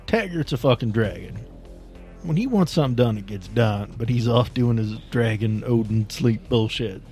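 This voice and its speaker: A man's voice: mid-range voice, lively intonation, normal speed, darkish tone, faint music behind. A man playing a tabletop game, speaking in character with wry jokes. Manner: wry, joking. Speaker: player. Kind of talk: in-character tabletop role-play.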